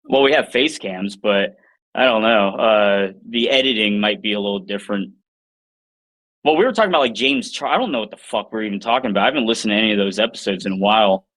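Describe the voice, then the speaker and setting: A man's voice: on the low side, fast, fairly bright tone, low-quality recording. A man co-hosting a casual podcast chat, talking bluntly and swearing freely. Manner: blunt and profane. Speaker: podcast co-host.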